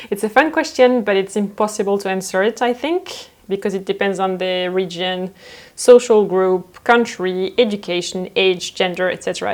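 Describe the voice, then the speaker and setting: Young french woman chatting through a q&a vlog, playful, laughs a lot. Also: mid-range voice. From France. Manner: lively, laughs often, playful. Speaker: fashion designer and vlogger. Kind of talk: casual Q&A vlog.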